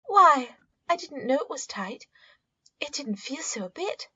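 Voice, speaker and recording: A woman's voice: high-pitched, sing-song, a little slow, bright, forceful tone, no room sound, voice pushed up, exaggerated voice. A woman voicing a vain, easily flustered young girl who protests eagerly in a storybook reading. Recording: dull, muffled audio.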